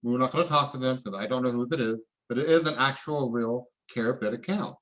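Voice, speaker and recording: A man presenting at a live online event, excitable and preachy, calling on viewers to answer in the chat. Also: medium pitch, quick pace. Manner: excitable, preachy, calls for audience responses.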